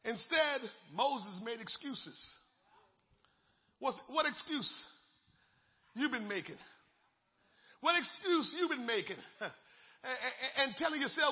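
A male pastor preaching fervently in a church, with an "uh" before each phrase, swinging from shouting to hushed tones, in a lo-fi recording with long hall reverb. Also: very high-pitched, lively intonation, slow pace, pauses often, slightly rough. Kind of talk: sermon. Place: church sanctuary.

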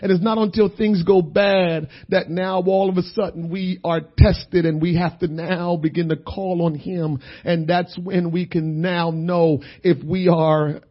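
A man preaching a sermon who tells a story, going from quiet talk to shouting. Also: high-pitched, little pitch movement, measured pace, hardly any pauses, dull audio.

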